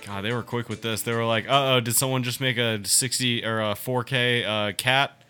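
A man's voice: medium pitch, normal speed, clear, resonant tone, soft background music. Joking young man co-hosting a podcast. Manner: joking, animated reactions. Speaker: podcast co-host. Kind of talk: casual chat.

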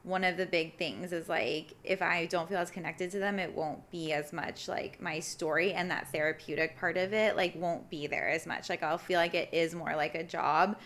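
A woman's voice: on the low side, fairly even intonation, normal speed, few pauses, a bit bright. A young woman in casual conversation, talking reflectively with many fillers and restarts. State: briefly emotional. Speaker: podcast guest.

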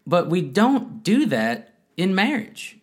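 A man in his thirties co-hosting a casual faith-based marriage talk at home, animated and laughing often as he acts out quotes. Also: sits high, takes it slowly. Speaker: podcast co-host. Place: home room, kids nearby.

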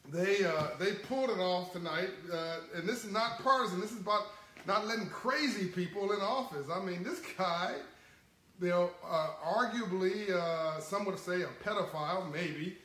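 A man hosting a livestream in a casual, animated and folksy way, chuckling as he talks to his viewers. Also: high voice, moderate pace, echoey room, poor audio. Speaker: livestream host.

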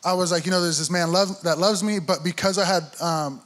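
A young man telling his conversion story in a casual, animated way. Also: sits high, brisk. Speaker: guest sharing testimony.

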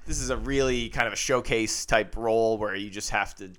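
A man's voice: on the low side, brisk, fairly bright tone. A man co-hosting a casual film podcast, wry and playful, ribbing his partner while discussing film picks. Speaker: podcast co-host.

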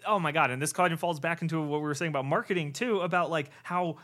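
An earnest man talks candidly on a podcast, circling back and restarting as he searches for words. His voice sits a little high for a man. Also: quick pace, a bit bright. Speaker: podcast co-host.

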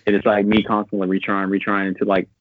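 A deep-voiced man rattles off his thoughts at speed, cursing freely and getting worked up as he rambles. The sound is thin and tinny like a phone line, and completely dry. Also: fast, no room sound. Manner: swears a lot, rambling and animated when venting. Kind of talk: casual gaming chat.

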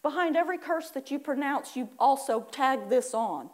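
High-voiced woman preacher, chatty sermon. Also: animated, normal speed. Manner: acts out complaining churchgoers; chatty, laughing asides.

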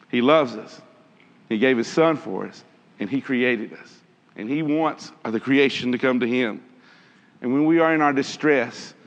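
A man delivers an animated, emphatic sermon, his voice sitting a little high for a man. The sound is dull and muffled. A long reverb trails off every line in a church hall. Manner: animated, emphatic, calls out to listeners. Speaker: preacher.

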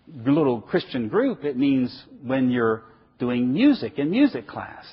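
Heard through a dull lo-fi recording, this middle-aged man preaches an animated sermon lecture, posing his own questions and answering them emphatically. His voice is medium-pitched and slightly breathy.

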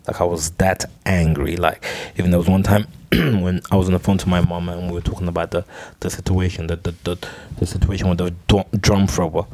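A young man tells a solo podcast story in a very low voice, stumbling over repeated words and swearing as he goes. The recording is dry and close, with no room sound around him. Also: warm tone, dry recording. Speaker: podcast host.

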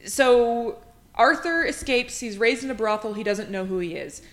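A woman's voice: fairly high pitch, expressive, normal speed, a bit bright. A woman co-hosting a casual movie review chat, recapping the plot and laughing often. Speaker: podcast co-host.

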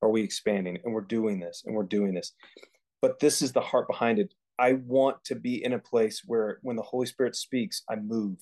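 A man's voice: lowish voice, fairly even intonation, normal speed, a little mellow. A man co-hosting a faith podcast, talking earnestly in a casual chat and often restarting his sentences. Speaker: podcast co-host.

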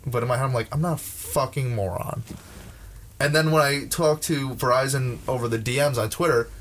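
A young man venting in a casual chat, profane and heated, tripping over his words as he starts sentences again. His voice sits at an ordinary middle pitch. A faint hiss of noise runs under the recording. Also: a little fast, fairly bright tone. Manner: profane, ranting, with many restarts.

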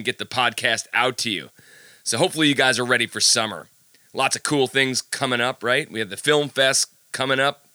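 A man's voice: lowish voice, sharp tone, dry recording. A man hosting his podcast, chatting casually, cracking jokes and reading sponsor spots. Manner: chatty, jokey, self-deprecating. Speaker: podcast host. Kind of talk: casual podcast monologue with ad reads.

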